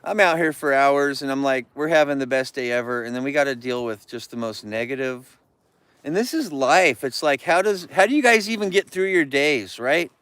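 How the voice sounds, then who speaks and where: A man's voice: a little high, animated, moderate pace, a bit bright, dry recording. A man live-streaming outdoors near bears, ranting about rude viewers and scolding the animals in a rambling chat.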